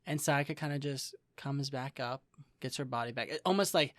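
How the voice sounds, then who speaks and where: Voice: medium pitch, normal speed, dry recording. Young chatty podcast co-host, dry mic. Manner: chatty, filler-heavy, slips into playful quoted voices. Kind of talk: casual chat recapping an anime.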